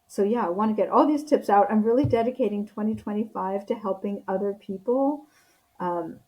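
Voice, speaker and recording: Woman guest, leadership coach; mellow, soft-toned, earnest, encouraging, lots of "um" and "you know". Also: mid-range voice, a little fast, poor audio. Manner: earnest, encouraging, with frequent fillers and restarts. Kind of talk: casual interview chat.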